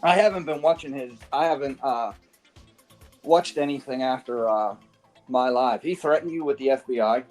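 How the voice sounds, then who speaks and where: A man joins a livestream chat, speaking in a quiet, hesitant way. His pitch sits in a middle range, with faint music in the background. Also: normal speed.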